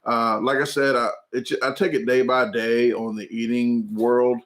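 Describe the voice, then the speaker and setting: Here a US-based food channel host, a man in his forties, goes through viewer comments on a casual stream from his house. His voice is mid-pitched and fairly bright with little pitch movement, and he talks haltingly, filling gaps with ums and uhs and restarting often.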